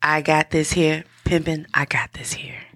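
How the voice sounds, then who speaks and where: Brief: woman impersonating a laid-back Southern male rapper, deep drawl, gravelly, half-whispered. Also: little pitch movement, a little slow, fairly bright tone, dry recording, clean studio sound, heavily acted. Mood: chill. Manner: low murmured chant, half whispered.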